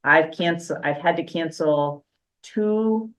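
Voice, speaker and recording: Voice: mid-range voice, slow pace, fairly bright tone. A school superintendent giving an informal, unscripted report at a board meeting, talking loosely with fillers and restarts and the odd dry joke. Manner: dry, self-aware humor.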